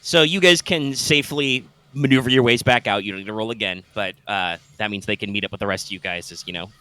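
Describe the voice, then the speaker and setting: A man's voice: on the low side, quick pace, sharp tone, no room sound. A man narrating a tabletop game as game master, describing scenes loosely with lots of fillers.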